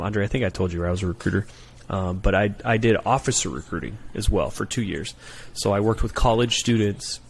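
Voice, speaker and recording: Profane, animated man telling stories. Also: fairly low pitch, slight background noise. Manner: profane, animated storyteller, peppers talk with "right?". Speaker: guest, Marine gunnery sergeant and former recruiter. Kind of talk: casual podcast storytelling.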